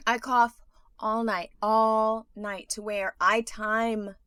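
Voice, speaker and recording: A woman co-hosting a podcast, telling stories in an animated, casual way with frequent swearing. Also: fairly high pitch, slow, smooth, dry recording. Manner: animated storytelling with frequent profanity and laughter. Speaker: podcast co-host. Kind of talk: casual chat.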